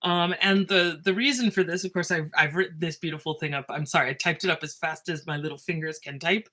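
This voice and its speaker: Excitable woman teacher, bright voice. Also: sits low, quick pace. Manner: excitable, animated, laughing often, self-interrupting. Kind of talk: casual lecture video to students. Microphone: phone.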